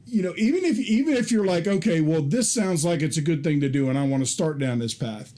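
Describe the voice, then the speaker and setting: A man's voice: a little high, expressive, fairly quick, dark tone. A man hosting a podcast, agreeable and casual, backing up his guest with plenty of affirmations. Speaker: podcast host. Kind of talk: conversational interview.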